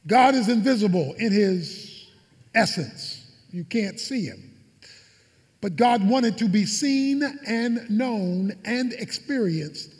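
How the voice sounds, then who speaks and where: A man's voice: high voice, a little mellow, in a large hall. A man preaching a sermon as pastor, with emphatic repetition and fervent delivery.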